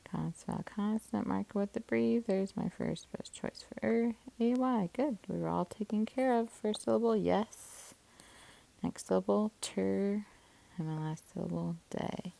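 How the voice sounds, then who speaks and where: A woman's voice: medium pitch, a little slow, vocal fry, mellow, rough recording. A woman teaching a spelling lesson, patiently sounding out syllables and coding words, sometimes dropping to a whisper.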